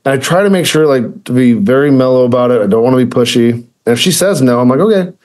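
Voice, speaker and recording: A man's voice: mid-range voice, quick pace, darkish tone. A man co-hosting a podcast, chatting casually in a mid-range voice. He rambles, circling back on himself with many fillers and restarts. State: choked up with emotion. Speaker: podcast co-host. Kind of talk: casual chat.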